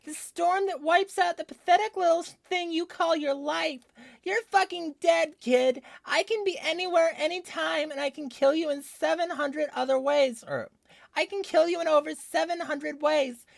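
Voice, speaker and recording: A man voicing a furious young woman, high-pitched and crackling with heavy fry, spitting vulgar threats. The sound is dry and close, with no room around it. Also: normal speed, dry recording, full character voice. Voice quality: vocal fry.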